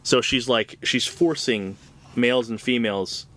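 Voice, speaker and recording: A man's voice: mid-range voice, unhurried, fairly bright tone. A man co-hosting a podcast, recapping a comic book in loose, profane casual chat full of "like"s. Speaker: podcast co-host.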